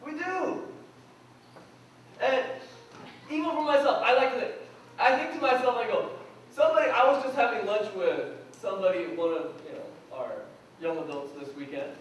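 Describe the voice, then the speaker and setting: A man with a notably high voice preaches in a relaxed, conversational way, putting questions to his congregation. He is picked up from a distance in a church hall full of echo, with faint room noise behind him. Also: normal speed, pauses often. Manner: humorous personal anecdotes. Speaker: pastor. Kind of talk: sermon. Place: church sanctuary. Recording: echoey church hall from far off.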